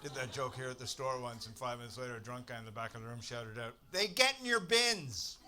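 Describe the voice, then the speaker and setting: A man from Canada doing a stand-up set on a comedy club stage, telling exasperated stories that build to shouted punchlines. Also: medium pitch, flat delivery, quick pace. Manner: exasperated storytelling, swearing, rising to shouted punchlines. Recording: live club recording with audience noise.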